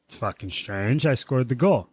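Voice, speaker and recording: A man on a podcast, telling a story in a loose, swear-heavy way that flares into heated outbursts. His pitch sits in a middle range. The sound is dry and close, with no room echo. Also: moderate pace, slightly rough. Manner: profane, animated storytelling with heated quoted outbursts. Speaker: podcast co-host. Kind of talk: casual chat, storytelling.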